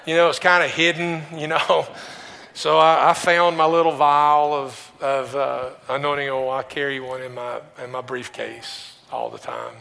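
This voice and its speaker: A man's voice: medium pitch, level tone, a little slow, creaky, sharp tone. A man pastor giving a conversational sermon, telling a personal story with restarts and rhetorical questions. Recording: long hall reverb.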